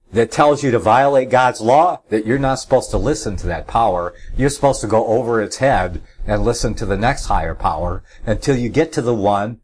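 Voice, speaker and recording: A man's voice: lowish voice, slightly rough. A middle-aged man hosting a religious talk radio show, rambling with many filler uhs and leaning hard on key words as he reads scripture aloud.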